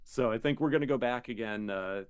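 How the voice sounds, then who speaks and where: A man in his forties, a podcast co-host, telling a rambling story in casual chat with many "uh" pauses. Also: medium pitch, smooth.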